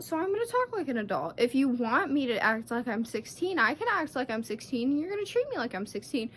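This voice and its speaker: A woman's voice: fairly high pitch, lively intonation, moderate pace, a little hiss or hum. A sixteen-year-old girl telling a story in a chatty, casual vlog, fired up and swearing freely. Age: teens. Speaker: vlogger.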